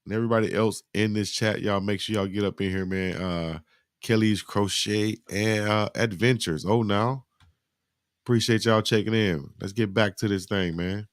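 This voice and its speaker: Low-voiced man reacting to football. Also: normal speed, dry recording, clean studio sound. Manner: animated slangy play-by-play, talks to chat. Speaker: sports reaction host. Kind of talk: live football highlight reaction.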